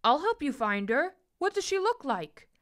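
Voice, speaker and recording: A woman reading a children's storybook aloud, voicing a sad, gentle little boy in a soft, earnest way. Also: sits high, sing-song, moderate pace, voice pushed up.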